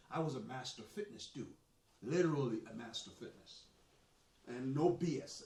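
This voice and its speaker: A man with a Jamaican accent hosting a soccer live stream, talking in a chatty, boastful, rambling way. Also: medium pitch. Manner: animated, boastful, chatty with restarts. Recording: echoey room, mic at a distance.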